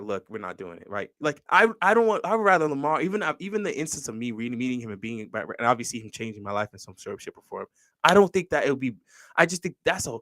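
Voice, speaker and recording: A man's voice: fairly high pitch, fairly bright tone, dry recording. A young man, a podcast guest, telling a long personal story in casual conversation, with many restarts.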